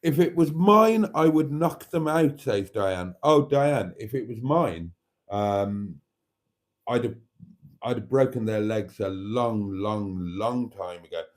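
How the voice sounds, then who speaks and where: A man's voice: mid-range voice, animated, slow pace. A man hosting a casual livestream, reading out viewer comments and laughing heartily. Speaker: livestream host.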